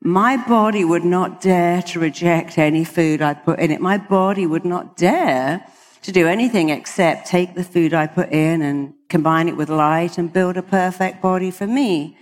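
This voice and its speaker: A woman's voice: fairly low pitch, moderate pace, long reverb tail. A British woman, a hypnotherapist, giving an emphatic motivational talk to an audience and quoting people in acted voices. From Britain. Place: large hall with an audience.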